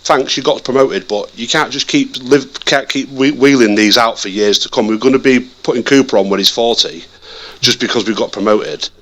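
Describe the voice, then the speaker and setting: A man chatting casually about football as a podcast co-host, animated and often repeating words as he restarts his sentences. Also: medium pitch, normal speed. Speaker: podcast co-host, Leeds fan.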